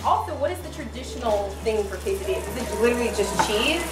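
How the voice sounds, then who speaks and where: A young woman chatting casually in a kitchen and rambling through curious, quick questions. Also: a little high, animated. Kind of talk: casual chat. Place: home kitchen. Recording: echoey kitchen with loud music. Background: pop music playing.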